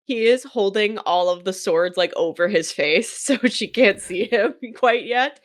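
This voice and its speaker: A woman's voice: mid-range voice, unhurried, no echo, clean studio sound. A woman narrating as game master in a casual, giggly way. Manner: casual, giggly, lots of fillers.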